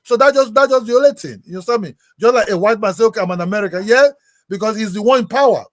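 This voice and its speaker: A man with an African accent argues his point on a panel, insistent, and keeps asking whether he is understood. His voice is high for a man, and it sounds dry and close to the mic. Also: very fast, no room sound. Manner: repeats "you understand me", insistent. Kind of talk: heated panel debate.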